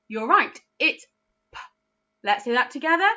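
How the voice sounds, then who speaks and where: A bright, clear-toned woman leads young children through a phonics lesson, drawing out each sound and praising every answer. Her voice swoops up and down in a lively sing-song, and the recording is a little dull and lo-fi. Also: high-pitched. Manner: slow, encouraging, sing-song teacher talk with exaggerated praise. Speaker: early years teacher.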